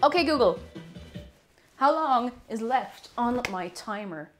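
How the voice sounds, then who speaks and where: A woman's voice: a little high, expressive, slow pace, soft background music. Chatty young woman streaming from her kitchen. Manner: chatty, giggly, reads chat aloud. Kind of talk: casual live-stream chat while baking.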